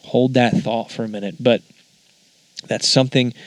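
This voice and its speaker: A man's voice: mid-range voice, steady tone, moderate pace, no room sound. A man hosting a casual spoken monologue, musing in a conversational way that wanders off track now and then. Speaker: podcast host.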